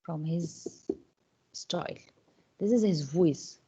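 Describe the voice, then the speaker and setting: Slow husky woman teacher. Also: fairly low pitch, mellow, dull audio. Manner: repeats questions to the class, many fillers and restarts. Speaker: English teacher. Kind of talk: online class lecture.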